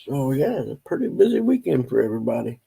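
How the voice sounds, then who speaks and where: A man's voice: mid-range voice, big pitch swings, fast talker, gravelly, dark tone, husky, low-quality recording. A man chatting casually on an early-morning livestream from home, rambling along. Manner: rambling, drawling, talks to his pets. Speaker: live streamer. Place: home, indoors.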